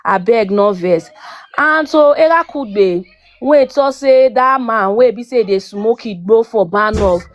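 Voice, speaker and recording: Nigerian woman begging on a live stream, slightly high voice, keeps saying abeg no vex. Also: measured pace, no room sound. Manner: pleading, repeats "abeg, no vex". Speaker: guest apologizing on a live stream. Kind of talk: casual Nigerian Pidgin pleading.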